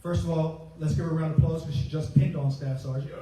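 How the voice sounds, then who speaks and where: A man's voice: fairly high pitch, steady tone, fast, very noisy. A man in his forties, a retiring Marine master gunnery sergeant, gives a humorous ceremony speech and acts out his own past remarks. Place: hotel ballroom. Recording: echoey ballroom from far off.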